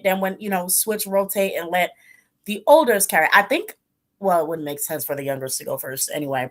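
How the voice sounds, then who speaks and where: A woman hosting a casual commentary chat, talking loosely and breaking into loud laughing shouts. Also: mid-range voice. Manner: chatty, bursts into laughing shouts. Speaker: host.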